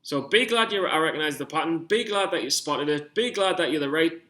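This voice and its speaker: A young man talking through his stock trades on screen, rambling and getting excited, swearing when worked up. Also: fairly high pitch, fairly quick. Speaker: stock trading vlogger. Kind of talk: casual screen-share commentary.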